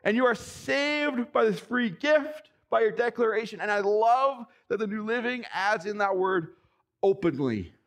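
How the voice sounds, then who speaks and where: Male pastor, high gravelly voice, emphatic and excitable sermon delivery. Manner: excitable, emphatic preaching with sudden bursts; reads scripture passages aloud.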